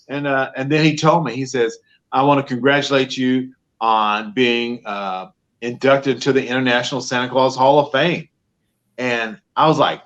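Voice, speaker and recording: A man's voice: medium pitch, normal speed. A man talking casually as an interview guest on a muffled lo-fi line. He tells his stories with animation and plays out each side of the conversations he recalls. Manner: animated storyteller, acts out both sides of phone calls. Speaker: professional Santa Claus, guest.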